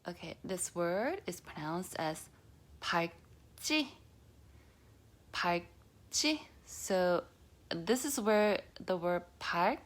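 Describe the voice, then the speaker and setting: A woman teaching a pronunciation lesson, patiently repeating sounds and often dropping to a soft near-whisper. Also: fairly low pitch, lively intonation, slow. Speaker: Korean language teacher.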